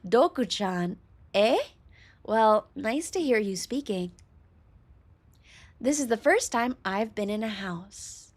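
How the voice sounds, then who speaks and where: A woman's voice: mid-range voice, lively intonation, slow pace, pauses often. A woman reading lines as a weary, blunt overworked office woman in a dry, unimpressed tone.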